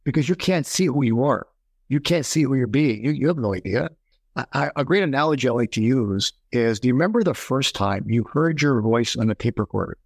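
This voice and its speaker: A man talking as a podcast guest, animated and storytelling, acting out quoted voices as he explains. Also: mid-range voice, brisk, gravelly, breathy edge, dry recording. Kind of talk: conversational interview.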